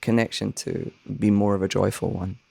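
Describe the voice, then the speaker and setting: A man's voice: on the low side, flat delivery, moderate pace, gravelly, a little mellow, breathy edge, no room sound. A man who is a minister and songwriter, talking thoughtfully and earnestly in a soothing, scratchy voice, sometimes searching for words. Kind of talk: reflective conversation.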